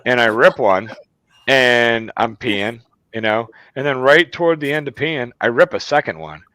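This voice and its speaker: A man spins long, profane anecdotes in a relaxed group video call. His voice sits in an ordinary middle register. It is recorded dry and close, with no room sound around it. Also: medium pitch, moderate pace, no echo. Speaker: channel host. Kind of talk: casual group video chat storytelling.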